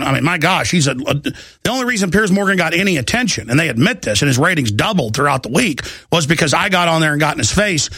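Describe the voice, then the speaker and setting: Gravelly, combative talk radio host. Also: male voice, fairly high pitch, dry recording, clean studio sound. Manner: loud, combative, mocking impressions of opponents. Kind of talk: heated political talk radio monologue.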